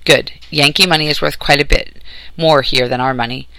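A man voicing a sad-faced, balding Confederate officer and former schoolmaster, speaking in a measured, gently authoritative way. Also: a little high, fairly even intonation, gravelly, clear, resonant tone, no room sound, low-quality recording.

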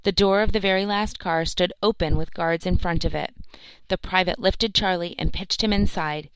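A woman narrating a storybook in a calm, even way. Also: fairly low pitch, moderate pace, clear, resonant tone, dry recording, poor audio. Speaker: audiobook narrator. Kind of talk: scripted narration.

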